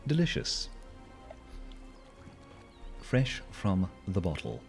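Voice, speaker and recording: A hoarse man chatting casually while streaming a game, playful and rambling, with silly sing-song asides. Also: sits low, animated, measured pace, soft background music.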